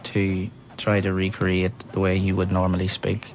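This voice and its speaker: A man's voice: low voice, completely flat delivery, moderate pace, lo-fi sound. A man from Enniskillen with a Northern Irish accent, a guest actor chatting easily on a radio show. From Enniskillen, Northern Ireland. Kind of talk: radio interview.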